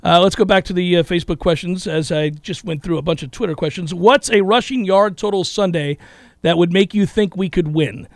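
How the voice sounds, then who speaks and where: A man's voice: sits high, brisk, dry recording. A man hosting a casual sports talk radio show, reading listener questions and laughing easily.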